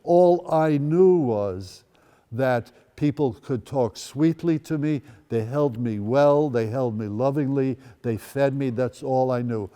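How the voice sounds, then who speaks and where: Speaking slowly in a mellow, clean, medium-pitched voice, an octogenarian originally from the Netherlands tells personal stories as a guest at a school event space. He adds wry, dry asides, and a long reverb tail follows his words.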